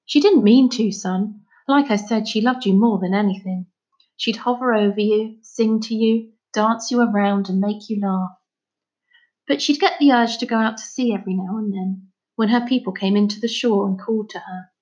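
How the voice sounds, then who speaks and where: A woman's voice: medium pitch, darkish tone, dull audio, close to an everyday voice. A woman voicing a grieving fisherman father. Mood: sorrowful. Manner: heavy, halting confession. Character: grieving middle-aged Scottish fisherman father.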